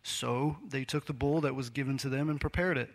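A man's voice: medium pitch, steady tone, brisk. A man preaching a sermon in a conversational, self-deprecating way, laughing often.

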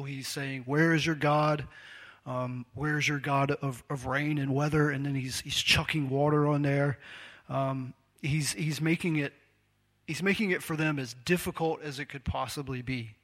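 A man's voice: on the high side, fairly even intonation, a little slow, fairly bright tone. A man preaching a sermon in a conversational, storytelling way, acting out the quotes he tells.

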